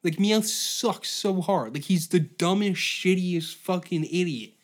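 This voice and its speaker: A man's voice: high-pitched, measured pace. A man hosting a podcast, ranting comedically with heavy swearing and laughing at his own jokes. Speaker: podcast host. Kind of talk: comedic solo rant.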